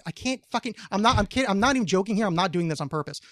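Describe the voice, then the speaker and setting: A man's voice: high voice, expressive, rapid-fire, hardly any pauses, fairly bright tone, no room sound, clean studio sound. Rambling, swearing podcast host man. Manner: rambling, lots of fillers and swearing, jokey. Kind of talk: casual chat.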